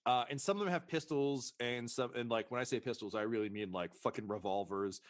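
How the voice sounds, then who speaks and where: A man with a brisk, medium-pitched voice runs a tabletop role-playing game as game master. He's casual and profane, using many fillers, and the recording is a noisy stream mix.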